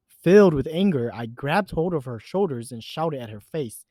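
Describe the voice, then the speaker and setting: A man's voice: on the high side, lively intonation, moderate pace, dark tone, no room sound. A man reading a first-person horror story in an earnest, emphatic way. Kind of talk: scripted narration of a horror story.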